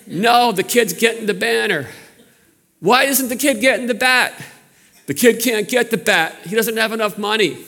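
A pastor putting on brash Bronx guys. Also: male voice, high-pitched, moderate pace, creaky, sharp tone, long reverb tail, pitched above the performer's own voice, heavily acted. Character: gruff Bronx men arguing in a ballpark line.

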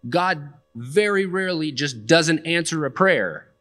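A man's voice: a little high, animated, measured pace, fairly bright tone. A young man preaching a sermon in a conversational, plainspoken way, with casual asides. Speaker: pastor.

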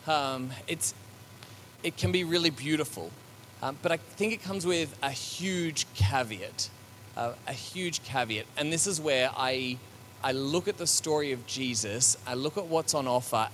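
A man delivering a church sermon in an easygoing, conversational way, stopping to think with ums and doubled words. His voice sits at an ordinary middle pitch. Faint background noise is audible under his speech. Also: a little slow, a bit bright. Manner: conversational, with many fillers and restarts; reflective and searching. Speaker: preacher.

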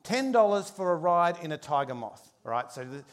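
High-voiced pastor telling a story. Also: male voice, moderate pace. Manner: animated storyteller, shifting pace and loudness. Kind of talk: sermon with a humorous story.

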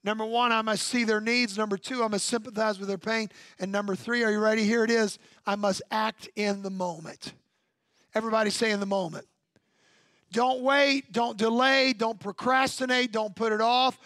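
A man's voice: high voice, steady tone, normal speed, few pauses, a bit bright, no room sound. A male pastor preaching a sermon in punchy repeated phrases, drawing call-and-response from the congregation.

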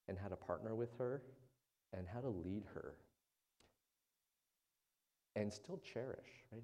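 A man preaching a casual, conversational sermon as the pastor in a church service, chatty and relaxed, often tossing in "right?" to the congregation. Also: sits low. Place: church sanctuary during a service. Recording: long reverb of a large church hall.

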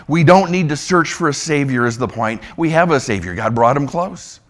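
A man preaching with a fairly high voice. He is emphatic, often repeating a word for stress. When he gives God's words, his voice rises and grows louder. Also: animated, normal speed, few pauses. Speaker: pastor. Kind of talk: sermon.

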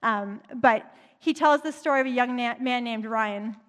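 A woman's voice: a little high, moderate pace, fairly bright tone. A woman preacher retelling a story in a chatty, conversational sermon, in a church. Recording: long reverb in a large hall.

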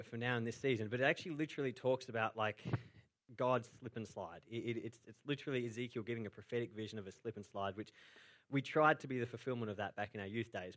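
A man's voice: mid-range voice, a bit bright. A young man preaching a sermon in a church, telling a story in a casual, chatty way full of filler words. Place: church auditorium.

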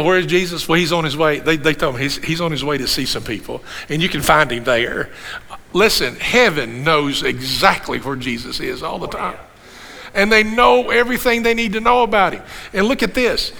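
A man in his sixties, a pastor preaching an animated sermon with rhetorical questions and repeated refrains. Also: a little high. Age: 60s. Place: church sanctuary. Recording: long hall reverb in a church.

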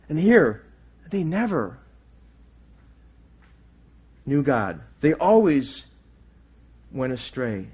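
A man with a husky, slightly raised voice preaches to his congregation. He speaks earnestly and keeps asking them questions. He swings from loud, pressing statements to quiet, murmured asides. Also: on the high side. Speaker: pastor. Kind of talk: sermon.

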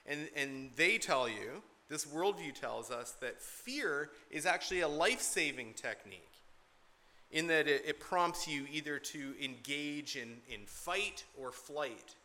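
A man's voice: fairly high pitch, expressive, a little slow, sharp tone. A man preaching an expository sermon from the pulpit, earnest and emphatic, repeating key points to drive them home. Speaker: pastor.

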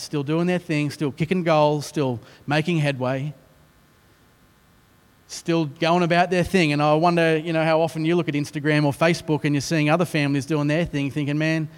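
Australian male pastor, sermon, lively storyteller with self-deprecating humour; somewhat higher voice, long reverberant hall. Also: brisk, clean tone. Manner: animated storytelling with self-mocking asides.

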